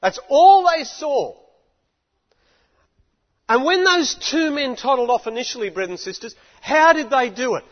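A man preaching a sermon in an animated, emphatic way, building up to shouts. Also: very high voice, unhurried, long pauses. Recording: echoey hall, dull lo-fi.

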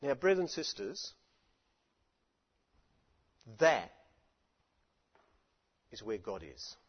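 A man's voice: mid-range voice, big pitch swings, extremely slow, husky. A man delivering an impassioned sermon from a stage microphone, with repeated rhetorical appeals to his listeners. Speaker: preacher. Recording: dull lo-fi recording with long hall reverb.

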